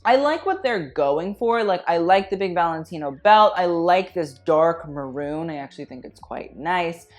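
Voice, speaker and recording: A woman's voice: fairly low pitch, expressive, moderate pace, few pauses. A woman giving casual fashion commentary, blunt and opinionated with a slangy way of talking, with faint music behind. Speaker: fashion critic vlogger.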